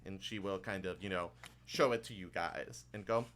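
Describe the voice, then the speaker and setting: Bright-voiced man narrating a tabletop game. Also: sits low, fairly quick. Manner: loose, improvised narration with many fillers. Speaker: game master.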